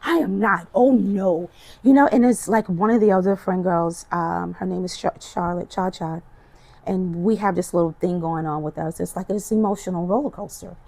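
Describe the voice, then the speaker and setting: Middle-aged woman, gravelly voice, emotional personal testimony, animated storyteller. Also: fairly low pitch, normal speed. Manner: expressive, animated storytelling, voices her past self. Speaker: podcast guest.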